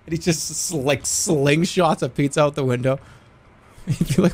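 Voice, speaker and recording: A man streaming games live, chatting excitedly, swearing and yelping in bursts. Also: on the high side, moderate pace, breathy edge. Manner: excitable, yelps and swears, breaks into laughter. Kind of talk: casual live-stream chatter while gaming.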